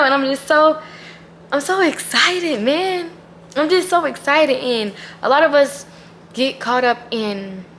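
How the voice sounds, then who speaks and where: A woman vlogger talks casually but earnestly about her faith, speaking emphatically and saying "like" constantly. Her voice sits on the high side and sounds a bit bright, with a little hiss or hum underneath.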